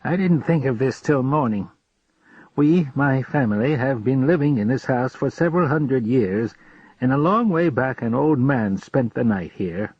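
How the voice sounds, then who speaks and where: A man's voice: mid-range voice, animated, measured pace, a little mellow, breathy edge, dry recording. A man voicing a friendly, talkative old farmer who speaks in an earnest, rambling way. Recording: dull lo-fi recording.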